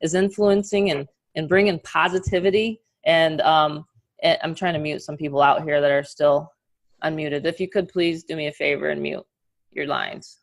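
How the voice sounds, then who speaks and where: Middle-aged New York woman, upbeat webinar coach on a call, lowish voice. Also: vocal fry. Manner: energetic and upbeat, talks in quick bursts. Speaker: online marketing coach. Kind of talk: live webinar presentation.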